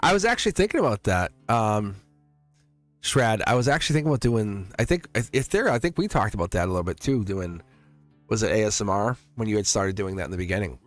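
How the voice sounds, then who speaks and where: A man's voice: fairly low pitch, lively intonation, quick pace, no echo, faint music behind. A middle-aged man reading tarot on a live stream, chatty and playful, laughing often and talking straight to his viewers. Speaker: tarot reader.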